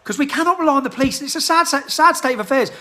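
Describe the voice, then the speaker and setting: A man delivering an agitated rant into his handheld phone, firing off rhetorical questions and clearing his throat. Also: extremely high pitch, lively intonation, very fast, bright, forceful tone. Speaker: political activist. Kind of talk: impassioned rant to a phone camera.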